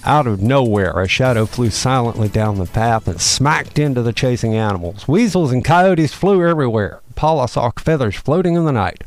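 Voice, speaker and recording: A man of middle pitch reads a holiday animal story in a storytelling voice. He brightens and rises for the critters' quoted lines. The recording is close and dry, with no room sound. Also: expressive, moderate pace, dry recording. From North Carolina, USA. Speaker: host reading a holiday story. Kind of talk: storybook narration with character voices.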